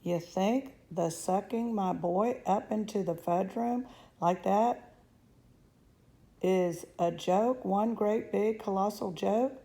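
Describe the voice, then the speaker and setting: A woman voicing a frantic, shrieking middle-aged mother with a shrill, hysterical manner. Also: takes it slowly, dark tone.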